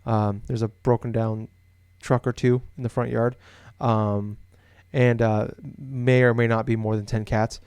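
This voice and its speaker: A man's voice: medium pitch, level tone, measured pace, hardly any pauses, a little mellow, clean tone, dry recording. A young man from Iowa co-hosting a casual podcast, rambling with lots of fillers and restarts. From Des Moines, Iowa. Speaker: podcast co-host. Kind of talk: casual chat.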